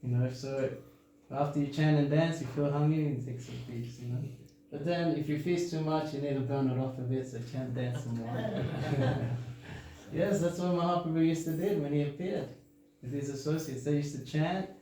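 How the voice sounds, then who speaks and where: A man's voice: a little high, normal speed, dark tone. Joking Australian man in an echoey hall. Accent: Australian, softened toward American. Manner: chatty, joking, laughs often, asks the audience questions. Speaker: temple speaker giving a scripture class. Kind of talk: informal sermon with jokes. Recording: very echoey hall, faint background hum.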